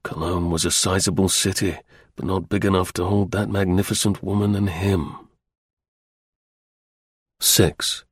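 A man reading a novel aloud as an audiobook narrator in a measured, literary way. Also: sits low, little pitch movement, husky, dry recording, studio quality. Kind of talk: scripted narration.

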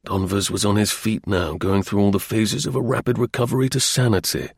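A man reads an audiobook in a measured storytelling way. His voice is gravelly and husky, and his pitch rises and falls a great deal. The recording is dry, with no room sound. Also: fairly even intonation, no room sound. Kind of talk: audiobook narration.

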